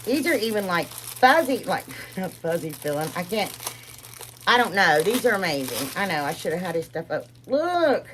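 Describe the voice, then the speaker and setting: A woman's voice: fairly low pitch, expressive, normal speed, fairly bright tone, slight background noise. A woman, chatting casually to her viewers as she walks through a craft project and an unboxing, rambling from one thing to the next. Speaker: craft vlogger. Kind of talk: casual tutorial and unboxing chat.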